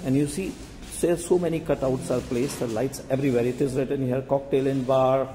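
A man with an Indian English accent giving a casual vlog tour of a bar, talking slowly with many fillers and pauses. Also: mid-range voice, fairly even intonation, warm tone. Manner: hesitant, many fillers, slow. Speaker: hospitality vlogger. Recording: long reverb in a hall.

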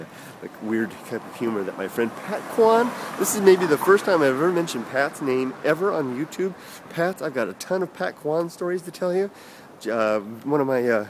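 A man's voice: mid-range voice, a little hiss or hum. Rambling middle-aged man telling a story outdoors. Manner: rambling and chatty, with many fillers and self-corrections. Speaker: vlogger. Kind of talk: casual storytelling vlog. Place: outdoors on a town street, walking.

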